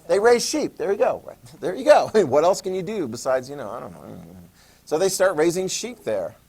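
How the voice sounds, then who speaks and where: A man lectures a history class with a slightly high voice. He jokes, acts out little scenes, and keeps checking in with the students. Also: sing-song, normal speed, a little mellow, husky. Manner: jokey, asks the class questions, "okay?" checks. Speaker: history teacher.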